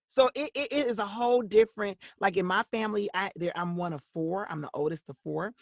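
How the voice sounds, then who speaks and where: A woman's voice: medium pitch, brisk, no echo, clean studio sound. A middle-aged woman, a voice-over actress and coach, talking animatedly in an interview. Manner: animated, acts out quoted voices. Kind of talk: interview conversation.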